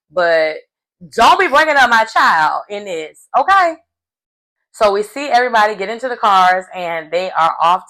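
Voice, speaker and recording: A woman tells a casual recap of a reality show. She talks in an animated, slangy way. She sounds like a chatty storyteller. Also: medium pitch, rough recording. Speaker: recap host.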